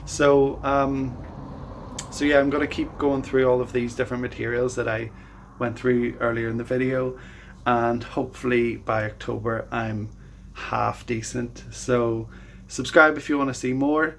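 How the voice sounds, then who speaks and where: A man with a mid-range, gravelly voice talks through his screen in a casual how-to vlog. His manner is easygoing and self-deprecating, with rambling asides. He turns hesitant and careful when he sounds out unfamiliar words. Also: medium pitch, steady tone, a little slow, a bit bright, a little hiss or hum. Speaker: language learner vlogger. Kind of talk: casual screen-share tutorial. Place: at a home computer.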